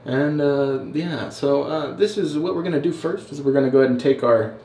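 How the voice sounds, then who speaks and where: A man doing an impression of a calm, earnest male narrator walking through a beard trim step by step, in a slow, deliberate, mock-serious manner. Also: on the high side, a little hiss or hum, lightly acted. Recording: roomy echo.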